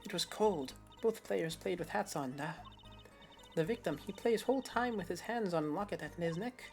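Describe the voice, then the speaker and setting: Lady doing a witness lady, blunt broken english, low voice, soft music behind. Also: animated, moderate pace. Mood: deadpan. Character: gruff foreign woman witness, blunt, deadpan.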